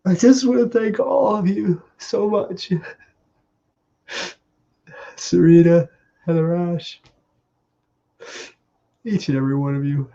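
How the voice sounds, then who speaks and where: A man giving a halting, tearful memorial tribute on a video call, laughing through his grief. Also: fairly high pitch, creaky, dark tone, muffled recording. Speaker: grieving husband sharing memories.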